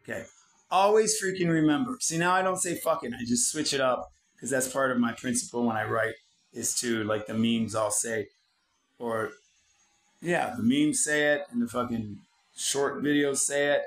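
A foul-mouthed man lecturing in a preachy, blunt monologue, cursing nearly every line. His voice sits at an ordinary middle pitch, and his delivery drifts from hurried to drawn-out as he pauses to write things down. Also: a bit bright, low-quality recording. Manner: swears constantly, preachy and blunt. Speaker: channel host. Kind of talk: profane motivational monologue.

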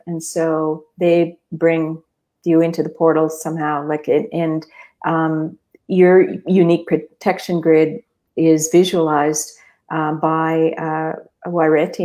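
A woman's voice: low-pitched, a little mellow. A woman co-hosting a radio talk, explaining at length in a rambling, thoughtful way with many fillers. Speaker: radio co-host. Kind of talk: casual radio chat.

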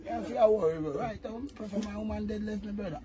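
A young man with a Jamaican accent telling animated stories in casual chat, laughing often, recorded on a phone. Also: sits high, racing, a loud crowd. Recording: noisy phone video recording.

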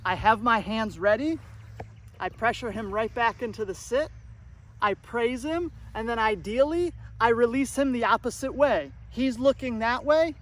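A man's voice: extremely high pitch, normal speed, a bit bright, a little hiss or hum. A man working as a dog trainer, giving a casual, upbeat tutorial outdoors and praising his puppy as he coaches.

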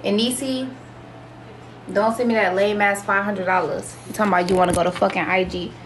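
A woman's voice: medium pitch, steady tone, a little fast, slight background noise. A woman hosting a casual livestream, talking to viewers in a brash, boastful, profane way. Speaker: livestream host.

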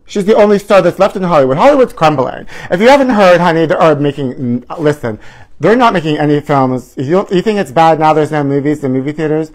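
A man with a fairly high voice hosts a live gossip stream from home. His delivery is campy and theatrical, with terms of endearment for his viewers and dramatic swoops into mock outrage. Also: a little fast. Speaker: host of a live celebrity gossip show.

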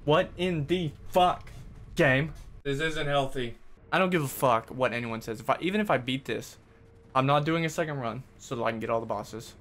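A man's voice: medium pitch, brisk, fairly bright tone. A man streaming live gameplay, venting frustration with sarcastic jokes and swearing while he plays. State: sweaty and worked up. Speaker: gaming streamer.

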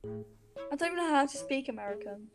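A woman's voice: high-pitched, animated, a little fast, over music. A woman from England with a British accent, tossing back playful, sassy retorts.

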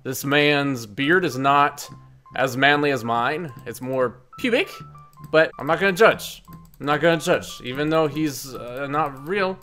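Excitable gamer guy, bright forceful voice, jokey let's play commentary, faint music behind. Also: fairly high pitch, a little slow. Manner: excitable, jokey, loud outbursts. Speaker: gaming video host.

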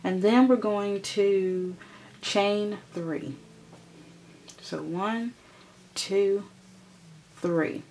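Lady teaching crochet really slowly, calm step by step, counts her stitches out loud. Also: mid-range voice, slight background noise. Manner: patient, counts stitches aloud as she works. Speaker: crochet tutorial host. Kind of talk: step-by-step craft tutorial.

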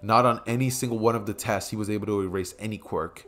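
A man's voice: fairly low pitch, fairly even intonation, fast talker, a bit bright, soft background music. Young guy rambling thru a made-up fan story, tons of um and like, mic at his desk. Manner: rambling, many fillers, chuckling asides. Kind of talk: casual improvised fan-story narration. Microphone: desk mic by a keyboard.

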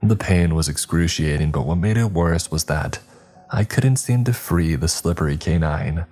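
A man narrating a horror story in a measured, dramatic storytelling manner. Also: sits low, a little mellow.

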